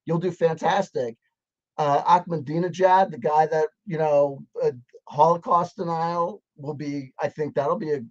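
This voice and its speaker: A man's voice: fairly high pitch, no echo. A man giving a sarcastic, profane, heated rant in reaction to a video. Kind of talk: ranting video commentary. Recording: dull, dry sound.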